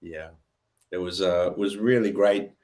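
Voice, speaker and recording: A man co-hosting a casual live-stream chat, relaxed and hesitant with many filler sounds. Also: deep voice, moderate pace. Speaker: co-host, guitar player.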